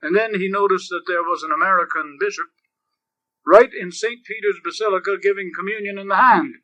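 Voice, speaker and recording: A man delivers a sermon as a priest, his slightly high voice strikingly bright and ringing. He moves between slow, grave passages and lively, animated storytelling. The recording is dry and close, with no room sound. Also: no echo, poor audio. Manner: grave and slow, turning animated when telling anecdotes.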